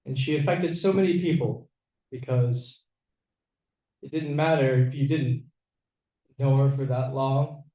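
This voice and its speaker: A man giving a measured, reflective eulogy at a memorial. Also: medium pitch, dark tone. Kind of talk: memorial speech with recited poem. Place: event venue room. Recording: echoey, distant, dull room audio.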